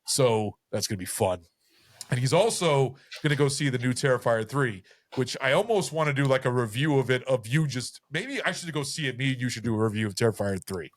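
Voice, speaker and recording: A man's voice: medium pitch, lively intonation, a little fast. A tipsy man hosting a podcast, rambling casually with lots of fillers and swearing. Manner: loose, profane, rambling with fillers. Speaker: podcast host. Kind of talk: casual chat.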